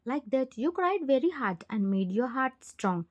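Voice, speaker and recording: A woman narrating a fan fiction story in the second person with plain, steady reading. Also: high voice, normal speed, highs cut off.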